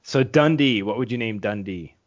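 A man's voice: lowish voice, normal speed. A man co-hosting a sports podcast, explaining teams in an easygoing way with many fillers. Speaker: podcast co-host. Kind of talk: casual sports chat. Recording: dull lo-fi podcast audio.

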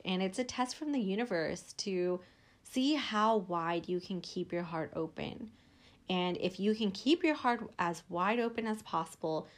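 A young woman hosting a podcast as a life coach, talking casually with lots of "like" fillers and acting out inner voices. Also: lowish voice. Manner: chatty, frequent "like" fillers, acts out inner voices.

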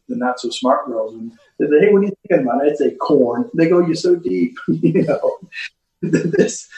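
A middle-aged man telling stories in casual chat, slipping into quick put-on voices and laughing as he goes. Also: mid-range voice, mellow. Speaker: podcast guest. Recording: roomy, distant, muffled recording.

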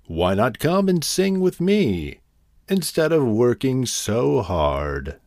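A man's voice: mid-range voice, huge pitch swings, takes it slowly, a little mellow, no room sound, studio quality. A man voicing a playful, lazy male grasshopper in a storybook reading, with a coaxing singsong manner. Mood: teasing.

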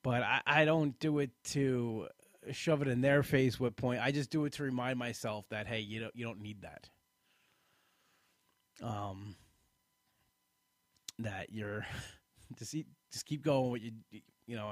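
A tired man hosts a casual live podcast, yawning as he chats in a rambling, self-deprecating way and keeps restarting his sentences. His voice is medium-pitched and a little slow. The recording is dry and clean, with studio sound.

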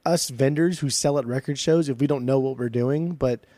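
A man's voice: mid-range voice, moderate pace, dry recording. Profane, laid-back man telling a story. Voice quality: profane, animated storytelling with quoted dialogue. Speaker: podcast co-host and record show organizer. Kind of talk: casual storytelling chat.

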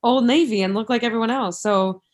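A woman's voice: on the high side, brisk. A young woman co-hosting a casual chat podcast, vehement and profane, repeating herself for emphasis. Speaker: podcast co-host.

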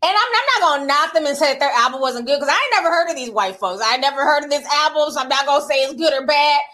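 A woman's voice: high-pitched, animated, quick pace, bright, forceful tone. A woman giving candid, chatty commentary to camera, talking straight to her viewers and reading out comments. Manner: reads out social media comments. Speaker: entertainment commentator. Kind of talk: casual talk-to-camera commentary.

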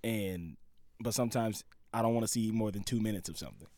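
A man's voice: lowish voice, a little fast, warm tone, no echo. A man chatting casually on a podcast, with hesitant fillers. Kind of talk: casual chat.

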